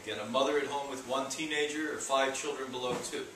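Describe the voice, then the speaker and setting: A man giving an animated live lecture to an audience, with joking, mocking asides. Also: medium pitch, quick pace, heavy background noise. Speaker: health institute lecturer. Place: lecture room. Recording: echoey room, speaker far from mic.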